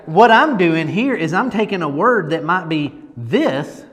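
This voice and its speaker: A man's voice: high-pitched, lively intonation, normal speed, fairly bright tone, long reverb tail. A man coaching a group on presentation, talking casually and emphatically and often checking in with "right?". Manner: emphatic, repeats words, lots of "right?". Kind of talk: casual teaching talk.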